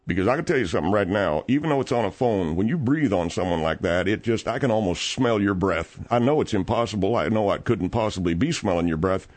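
Man doing a low-voiced, rambling middle-aged construction boss, petty and stammering, radio comedy bit. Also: animated, fast talker, few pauses, a little mellow. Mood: indignant. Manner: rambling, stammering, easily aggrieved. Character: blustering male concrete contractor, petty and long-winded. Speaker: guest host filling in on a radio show. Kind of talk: comedic radio call-in monologue.

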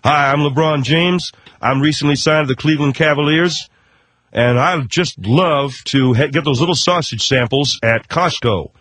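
A man putting on a famous athlete reading a cheesy mock ad, in a husky voice. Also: on the high side, normal speed, a bit bright, no room sound. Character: mock ad of a famous male athlete, folksy pitchman.

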